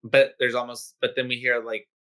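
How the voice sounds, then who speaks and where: A man's voice: mid-range voice, little pitch movement, moderate pace, fairly bright tone. A man co-hosting a podcast, casually recapping a horror film with loose talk, swearing and constant fillers. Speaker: podcast co-host.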